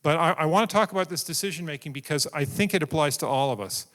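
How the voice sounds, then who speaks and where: A male preacher delivering a sermon as an animated story, acting out scenes as he goes. His voice is bright and sits a little high. It carries with long reverb through a large sanctuary. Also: fast.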